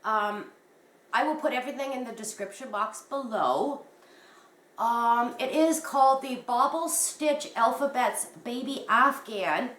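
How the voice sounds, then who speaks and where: A woman's voice: a little high, a little slow, a bit bright, distant mic. A woman vlogger, congested and sniffling, chatting casually to camera and rambling as her voice trails off. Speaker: crochet vlogger. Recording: echoey room, faint noise.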